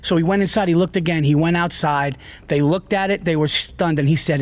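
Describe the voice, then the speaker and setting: A man retelling a story on a podcast, lively and profane, quoting others as he goes. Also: fairly high pitch, a little fast. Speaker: podcast guest. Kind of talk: animated storytelling.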